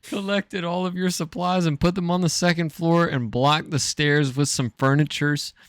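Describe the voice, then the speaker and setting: A man's voice: fairly high pitch, fairly even intonation, normal speed, smooth, no room sound, clean studio sound. A man co-hosting a podcast, reading a choose-your-own-adventure story aloud and stumbling over words with amusement.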